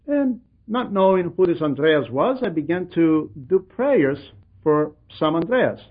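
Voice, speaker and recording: A religious storyteller addresses a gathering, earnestly retelling a monk's story and voicing the people in it. His voice is on the high side, sing-song and breathy-edged, at a measured pace. The recording is dull and lo-fi.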